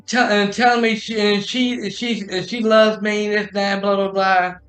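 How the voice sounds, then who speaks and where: A man's voice: high-pitched, a bit bright. A man streaming from home, casually retelling a story with many restarts and quoted dialogue. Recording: echoey room with music behind.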